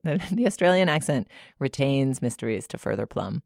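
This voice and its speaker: American woman co-host, very deep with vocal fry, dry close mic. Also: very animated, a little fast, darkish tone, no room sound. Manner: chatty, trailing restarts. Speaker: podcast co-host. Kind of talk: casual chat.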